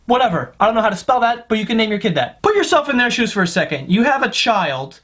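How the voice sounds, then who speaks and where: A man's voice: sits high, big pitch swings, fast, a bit bright. A man delivering a comedic rant monologue, swearing and sounding exasperated as he argues his points. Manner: profane, exasperated ranting.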